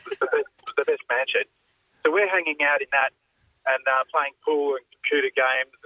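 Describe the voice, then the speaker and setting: Male caller, bright, dry-sounding phone voice, halting and full of fillers. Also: mid-range voice, dry recording, highs cut off. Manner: halting, filler-heavy with many "uh"s. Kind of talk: phone-in storytelling. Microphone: phone line.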